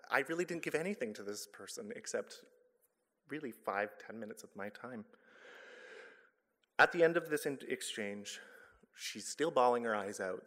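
A man speaks to a congregation in a fairly low voice. His talk is earnest and conversational, with the odd stumble and self-correction, and it rings through a church hall with a long reverb. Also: fairly bright tone. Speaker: guest speaker, charity director. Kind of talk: church talk with personal story. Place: church sanctuary.

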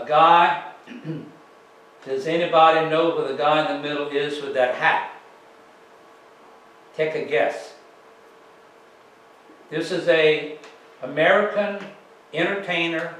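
A man giving a slide presentation to an audience, telling it in an unhurried, folksy way with plenty of fillers. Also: on the high side, a bit bright. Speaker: author giving a library talk. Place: public library meeting room. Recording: roomy, distant mic with faint ambience.

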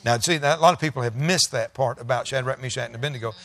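A man's voice: mid-range voice, racing, fairly bright tone. A man preaching a sermon as pastor, reading scripture aloud and paraphrasing it conversationally, with bursts of emphasis. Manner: preaching with bursts of emphasis and congregation call-and-response.

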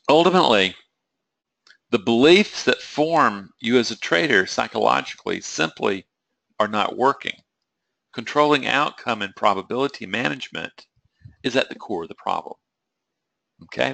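A man's voice: medium pitch, lively intonation, moderate pace, creaky, long pauses, sharp tone, dry recording. A man giving a webinar lecture on trading psychology, conversational and questioning the audience, now and then acting out a trader's inner voice.

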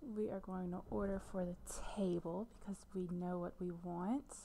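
A woman giving casual commentary over a life-sim game, chatting to her viewers and often dropping into a soft whisper. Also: fairly low pitch, steady tone, normal speed, vocal fry, slight background noise. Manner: talks to viewers as "guys". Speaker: gameplay commentator.

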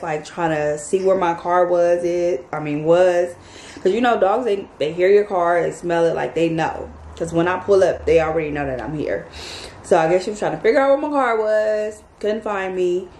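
A woman vlogger telling a story to her viewers in a casual, animated, chatty way. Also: lowish voice, moderate pace. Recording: echoey room, faint background noise.

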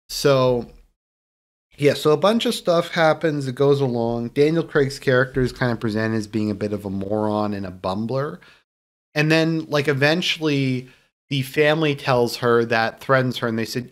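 A man's voice: medium pitch, normal speed. A man giving a casual, opinionated film review, rambling with many fillers and restarts and turning sarcastic at times. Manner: sarcastic when mocking views he dislikes.

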